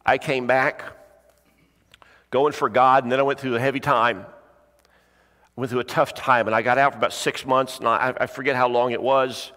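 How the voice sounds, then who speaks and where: A middle-aged man preaching a sermon, urging his listeners with repeated phrases and the odd clearing of his throat. His mid-pitched voice rings out in a church sanctuary with a long, trailing reverb. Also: little pitch movement, normal speed, pauses often, bright, forceful tone. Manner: earnest, repetitive exhortation with frequent throat clearing. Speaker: pastor.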